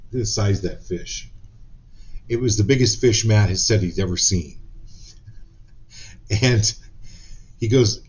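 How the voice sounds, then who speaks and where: Deep-voiced man giving a card reading. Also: moderate pace, pauses often, muffled recording. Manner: storytelling, animated retelling of quotes. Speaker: psychic reader. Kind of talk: live-stream card reading.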